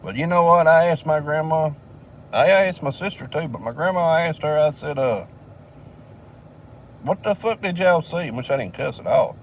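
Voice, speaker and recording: A man's voice: on the high side, fairly quick, distant mic. Older man, profane rambling storyteller, mic set back, faint car hum. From southern United States. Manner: profane, rambling, drawling, laughs between lines. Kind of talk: casual storytelling.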